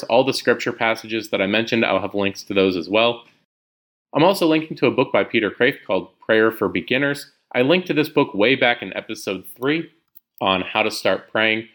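Relaxed low-voiced male podcast host. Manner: relaxed explanatory, frequent fillers and restarts. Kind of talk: casual teaching podcast on prayer.

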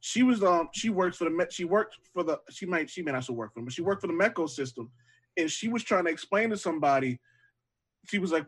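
A man's voice: a little high, animated, fast, husky. A man telling rambling stories with casual slang in a podcast chat.

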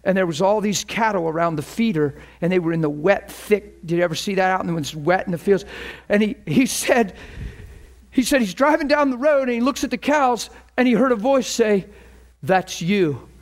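A man giving an informal sermon, telling stories with repeated words and rising to excited peaks. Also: high-pitched, fairly quick. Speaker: preacher.

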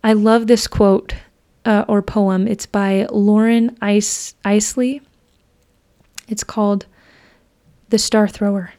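A woman's voice: mid-range voice, level tone, slow pace, dark tone. A young woman hosting a podcast, telling a personal faith story in an earnest, chatty way with frequent fillers and restarts. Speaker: podcast host.

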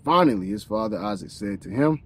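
A podcast host reads scripture aloud in a plain voice, tripping over words now and then and breaking off for casual, slangy comments. His voice is on the low side, expressive and brisk, with a breathy edge.

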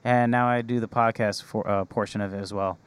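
Smooth-voiced young podcast host. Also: male voice, on the low side, fairly even intonation, brisk. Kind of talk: casual interview chat.

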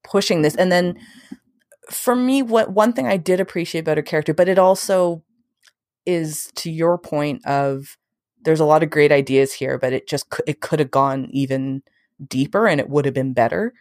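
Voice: medium pitch, normal speed, no echo, clean studio sound. A person casually discussing a film, rambling with many fillers. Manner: rambling, filler-heavy, lively. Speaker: film reviewer. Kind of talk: casual film review chat.

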